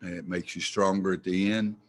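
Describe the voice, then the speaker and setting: A man's voice: low-pitched, level tone, brisk. An older man, a head basketball coach answering press conference questions in a folksy, blunt way that gets worked up.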